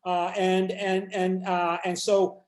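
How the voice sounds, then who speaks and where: A man lecturing a university class in a fairly high voice. He talks in an animated, halting way, full of restarts and fillers, and breaks into acted-out voices. The room gives his voice a noticeable echo. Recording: roomy echo.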